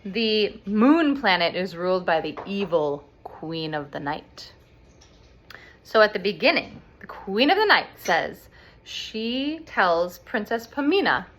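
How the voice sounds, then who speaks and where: A woman explaining an opera plot to children as an expressive storyteller. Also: mid-range voice. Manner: animated, expressive.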